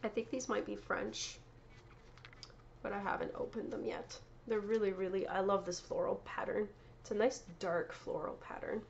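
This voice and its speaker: Knitting podcast lady at home, mid pitch, chatty show and tell, trips over words, laughs a lot. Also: flat delivery, moderate pace, creaky, muffled recording, a little hiss or hum. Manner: chatty, self-correcting, laughs easily. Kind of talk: casual show-and-tell chat.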